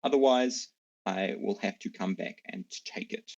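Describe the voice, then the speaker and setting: A man doing a self-important storm giant for a tabletop game, gravelly and husky, making slow, grand threats. The sound is dull and lo-fi. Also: on the low side, a little mellow, heavily acted. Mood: boastful. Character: huge boastful male storm giant extorting gold. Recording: dull lo-fi mic.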